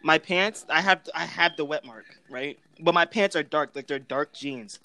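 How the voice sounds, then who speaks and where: A man's voice: fairly high pitch, normal speed, bright, forceful tone, no echo. A young man co-hosting a casual podcast, telling an embarrassing school story with lots of laughter and acted-out quotes. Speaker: podcast co-host. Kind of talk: casual chat.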